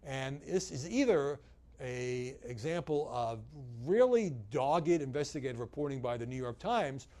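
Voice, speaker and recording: A man delivering news commentary as a media commentator, measured and analytical, with frequent "uh" fillers. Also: mid-range voice, lively intonation, dark tone.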